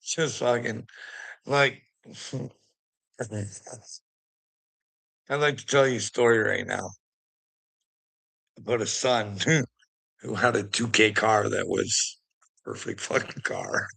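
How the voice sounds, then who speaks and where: A man's voice: on the low side, takes it slowly, vocal fry, long pauses, sharp tone, husky. A man ranting casually to his viewers, swearing constantly, rambling and laughing between thoughts. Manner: profane, rambling, laughing often.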